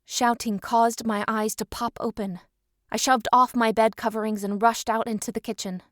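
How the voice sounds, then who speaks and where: A woman reading a first-person audiobook in steady storytelling narration. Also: a little high, moderate pace, no room sound, clean studio sound.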